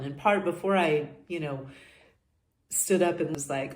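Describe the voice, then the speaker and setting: Older lady podcasting alone, low voice, slow and earnest, roomy echo. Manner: earnest, reflective, trails off and restarts. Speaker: podcast host. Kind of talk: personal monologue. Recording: echoey room.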